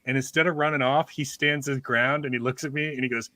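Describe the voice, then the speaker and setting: Chatty host guy, sharp bright tone, keeps restarting sentences, cracks jokes. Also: mid-range voice, steady tone, fast, no echo. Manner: rambling, self-interrupting, joking. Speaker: podcast host. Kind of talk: casual storytelling chat.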